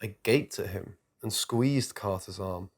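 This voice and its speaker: A man with a lowish voice narrates a scripted true scary story at a measured pace, his delivery dramatic and tense. Quiet music plays in the background.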